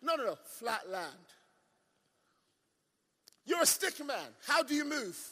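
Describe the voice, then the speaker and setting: A male preacher delivering a sermon with emphatic swings between shouting and hushed asides, often asking the congregation questions. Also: very high-pitched, big pitch swings, takes it slowly. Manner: playful, asks the crowd questions. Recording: long reverb of a large hall.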